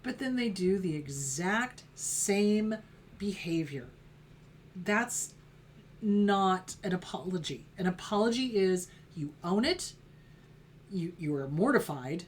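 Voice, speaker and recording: A woman's voice: on the low side, expressive, takes it slowly, slight background noise. A middle-aged woman therapist giving an educational talk, emphatic and mocking in her acted-out quotes. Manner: emphatic, acts out quoted apologies in mocking voices. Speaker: therapist host.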